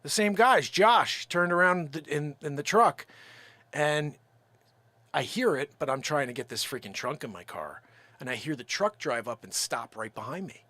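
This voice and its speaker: A man's voice: a little high, animated, moderate pace, sharp tone, no echo. A man hosting his own live stream, telling a story casually and acting out the quotes in it. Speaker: livestream host and drum builder.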